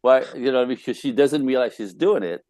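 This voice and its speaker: A man's voice: medium pitch, brisk, darkish tone, no echo. A man talking casually about relationships as a guest, laughing often and acting out quoted dialogue.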